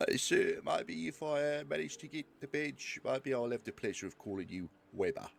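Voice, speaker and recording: A man's voice: on the high side, animated, moderate pace, creaky, slight background noise. A man playing an eager trainee deputy in an online roleplay, polite and deferential, stammering and calling others sir. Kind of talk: in-character roleplay chat.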